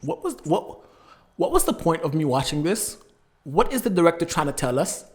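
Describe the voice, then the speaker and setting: A man with a noticeably high voice hosts an online movie review. He rants with exasperation and sarcasm, swinging between loud outbursts and low muttered asides. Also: big pitch swings, moderate pace. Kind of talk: ranting film review.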